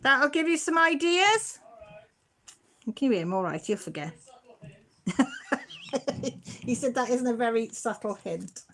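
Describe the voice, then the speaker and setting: A woman's voice: fairly high pitch, lively intonation, unhurried, long pauses, a bit bright, a little hiss or hum. A middle-aged woman, hosting a casual livestream and chatting and teasing as she answers viewer comments. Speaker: channel host.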